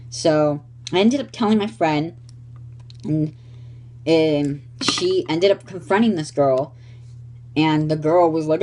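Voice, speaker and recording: Sassy low-voiced young woman vlogger. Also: unhurried, dark tone, slight background noise. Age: late teens. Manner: sassy, blunt and profane, calls people honey. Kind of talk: casual storytime vlog.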